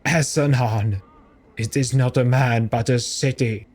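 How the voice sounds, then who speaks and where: A man voicing a weeping, dust-covered holy man in a game, solemn and mournful, with a parched, hoarse voice. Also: medium pitch, fairly even intonation, measured pace, darkish tone, close to an everyday voice.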